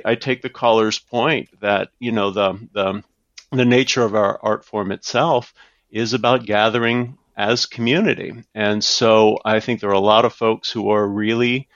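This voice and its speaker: A man's voice: on the low side, dry recording, muffled recording. A man who leads a theater, answering radio interview questions in a hesitant, rambling way, full of fillers and repeats. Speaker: theater director guest.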